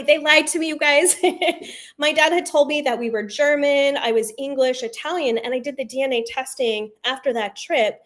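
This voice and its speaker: Woman, slightly high voice, casual live-stream host, chatty and heartfelt. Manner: chatty, emotional, addresses viewers as "you guys". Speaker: brand founder hosting a live launch stream.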